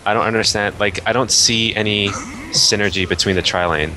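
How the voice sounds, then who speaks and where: A man's voice: lowish voice, steady tone, brisk, heavy background noise. A man giving casual, analytical color commentary on an esports match, full of "I mean" and "like". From Canada.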